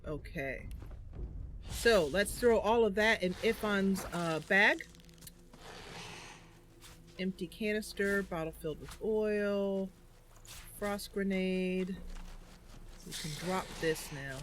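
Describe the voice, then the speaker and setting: A woman's voice: medium pitch, slow pace, long pauses, slight background noise. A woman hosting a game livestream, chatting casually and thinking aloud as she plays, often giggling. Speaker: livestream host.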